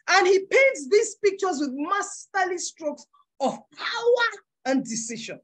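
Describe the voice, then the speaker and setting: A woman giving a motivational business workshop in a forceful, preacher-like way, acting out little voices. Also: high voice. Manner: emphatic, preacher-like, acts out voices with big swings.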